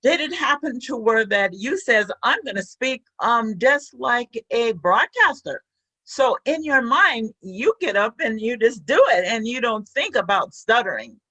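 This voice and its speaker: A woman's voice: fairly high pitch, fairly bright tone, poor audio. A woman interviewer asking long, searching questions with many hesitant ums. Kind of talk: conversational interview.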